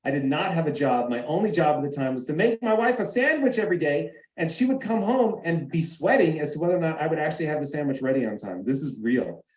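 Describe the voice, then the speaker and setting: A man's voice: fairly high pitch, expressive, fast talker, hardly any pauses, reverberant, rough recording. A man telling a personal story over a video call, emphatic and acting out the arguments he quotes. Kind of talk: animated storytelling. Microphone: video call mic.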